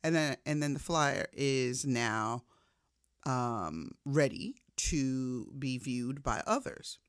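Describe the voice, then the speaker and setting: A woman giving a faith-based motivational talk in a casual, conversational way, shifting from soft reflection to emphatic storytelling. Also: a bass voice, expressive, slow pace, smooth, no echo, clean studio sound. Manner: casual, conversational, addresses listener directly. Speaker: motivational speaker.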